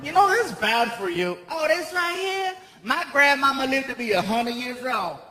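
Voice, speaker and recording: A man voicing a rude, sassy night-shift hotel clerk woman who scolds loudly. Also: sits high, animated, normal speed. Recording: echoey hall, loud crowd and noise.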